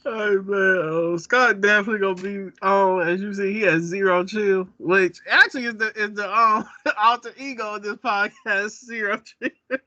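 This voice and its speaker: A man's voice: high-pitched, fairly even intonation, moderate pace, pushed and bright, no room sound. A man hosting a podcast, talking in a laid-back casual way with fillers. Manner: laid-back, wraps up with plugs and filler words. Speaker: podcast host. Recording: dull, dry lo-fi sound.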